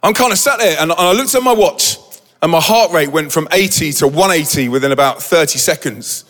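High-voiced man, hall reverb. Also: a little fast. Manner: animated, acts out the scene with quoted voices. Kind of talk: dramatic storytelling to a live audience.

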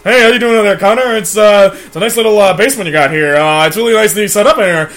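A man's voice: high voice, racing, a bit bright. A man doing an impression of a hyperactive famous comedian who jumps from bit to bit and into silly voices. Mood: manic. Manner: frantic, jumping between silly voices and bits. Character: manic famous male comedian, hyper and rambling.

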